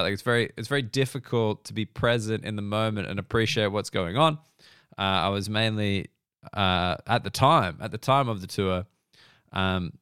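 Australian male comic, 30s, gravelly and smooth, dry close sound, rambling monologue. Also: fairly low pitch, a bit bright, dry recording. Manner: rambling, profane, self-deprecating. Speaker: comedian and podcast host. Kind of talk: casual comedic monologue.

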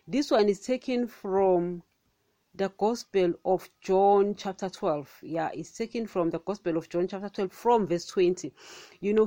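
A woman's voice: mid-range voice, mellow, no room sound. A woman hosting a podcast, giving a casual, rambling Bible talk, with many fillers, rhetorical questions, and frequent calls to listeners as guys. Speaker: podcast host. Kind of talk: casual Bible teaching monologue.

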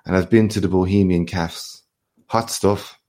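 A man's voice: sits low, unhurried. A man reading a boastful, hearty old-time newsman. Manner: boisterous, swaggering, lively questions. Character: boastful hearty male journalist back from abroad.

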